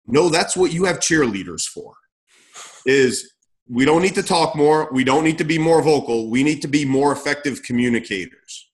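A man's voice: mid-range voice, moderate pace. A middle-aged man explaining how coaches should communicate, emphatic and direct, often repeating words and asking rhetorical questions. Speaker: coaching consultant. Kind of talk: instructional talk.

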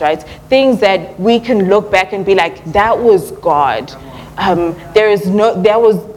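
A young woman preaching a relaxed, conversational sermon at church, often pausing with "um" and dropping in casual slang. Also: medium pitch, a little hiss or hum, poor audio. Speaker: church speaker.

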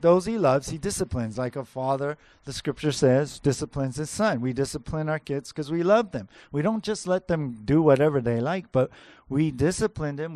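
Earnest preaching man, slightly high voice. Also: darkish tone, no room sound. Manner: earnest, emphatic, repeats key words for stress. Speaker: pastor. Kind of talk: sermon.

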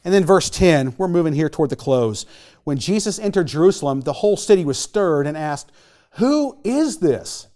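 A male pastor preaching a sermon, animated and storytelling, acting out the voices of the people in the story. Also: fairly high pitch, brisk. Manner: animated, acts out quoted voices and questions.

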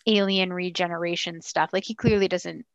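A woman co-hosting a podcast, chatting casually about a TV show and slipping into quick voices when she quotes people. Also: lowish voice, fairly even intonation, dry recording, muffled recording. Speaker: podcast co-host.

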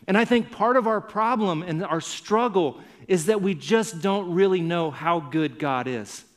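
A pastor preaching a sermon with earnest emphasis, repeating words and phrases to drive his point home. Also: high voice. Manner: earnest, builds to fervent emphasis then drops to hushed intensity.

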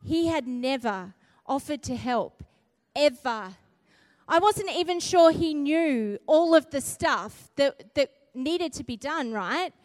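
A middle-aged woman preaching, telling a story in an animated, emphatic way and repeating key phrases for weight. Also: high-pitched, takes it slowly, no room sound. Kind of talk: storytelling sermon.

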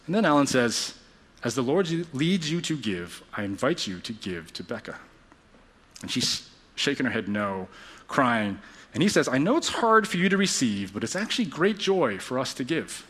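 A man preaching a sermon, telling a story earnestly and dropping to a hushed voice at tender moments. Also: medium pitch, sing-song, moderate pace, slightly rough. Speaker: pastor.

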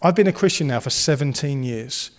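A man's voice: mid-range voice, expressive, a little fast, in a large hall. A man preaching a sermon, earnest and encouraging, and he slips into playful banter. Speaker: pastor.

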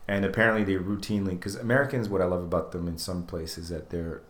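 A man's voice: deep voice, fast talker. A man hosting a podcast, telling stories animatedly and acting out quoted lines. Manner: animated storyteller, acts out quotes. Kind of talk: casual chat. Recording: roomy echo.

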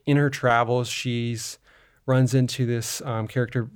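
A man's voice: medium pitch, level tone, a little slow, smooth. A man co-hosting a film podcast, recapping a movie in a rambling, casual way with lots of fillers and restarts. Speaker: podcast co-host.

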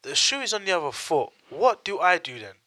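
A man in casual podcast banter, excitable and slangy, repeating his points. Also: high voice, a little fast. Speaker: podcast co-host.

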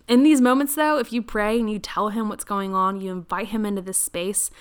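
A woman's voice: medium pitch, fairly bright tone, clear, resonant tone. A young adult woman hosting a faith-based podcast, talking in an earnest, chatty way and laughing often. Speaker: podcast host. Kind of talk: casual faith-based talk.

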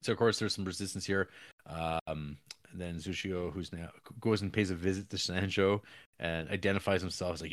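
A man with a fairly low voice talks through a film's plot in a loose, rambling way. He fills the talk with fillers and wry, profane asides. The sound is dry and close, with no room around it. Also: steady tone, normal speed, dry recording. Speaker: podcast co-host. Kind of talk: casual film recap.

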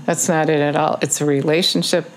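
A woman's voice: sits low, fairly even intonation, a little fast, a little hiss or hum. A woman giving a casual video sermon, urging listeners in earnest, repetitive phrases with frequent ums. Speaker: online preacher.

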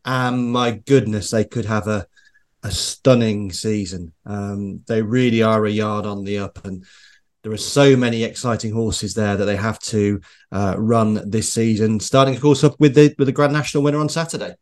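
A man's voice: lowish voice, steady tone, normal speed. A man, a racing writer co-hosting a podcast, who talks in a wry, teasing and enthusiastic way. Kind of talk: casual chat.

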